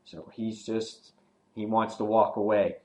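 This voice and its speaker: A man's voice: lowish voice, fairly even intonation, measured pace, darkish tone, low-quality recording. A man talks through a comic book in a loose, casual review. He rambles along, filling gaps with fillers and restarting his sentences as he goes.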